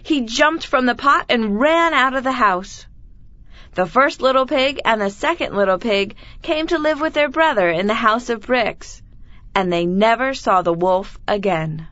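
A woman reading a children's story aloud clearly and deliberately for learners. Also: on the high side, animated, a bit bright, no echo, muffled recording. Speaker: reader of children's stories.

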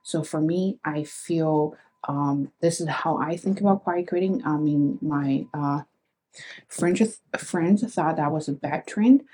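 A woman's voice: low voice, slow, mellow, low-quality recording. A young woman hosting her own podcast, talking in an earnest, reflective way and speaking straight to her listeners. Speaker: podcast host. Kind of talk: casual solo podcast talk.

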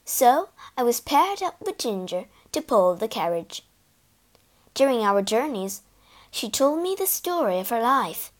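Animated woman reading a storybook. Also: fairly high pitch, measured pace. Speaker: storybook narrator. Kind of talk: expressive storybook narration.

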